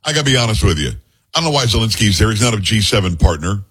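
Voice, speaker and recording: Male talk radio host, slightly husky, conversational news reader with blunt asides. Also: on the low side, very animated, racing, fairly bright tone. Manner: reads news aloud with blunt personal asides. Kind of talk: opinionated talk radio commentary.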